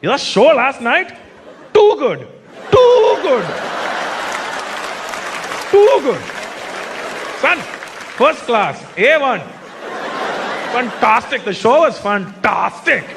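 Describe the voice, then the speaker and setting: A man's voice: very high-pitched, big pitch swings, extremely slow, vocal fry, long pauses, background noise, pitched above the performer's own voice, heavily acted. A man voicing an overexcited adult Indian fan who gushes emphatic, repetitive compliments in an Indian accent. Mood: gushing. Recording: live stage mic with loud crowd.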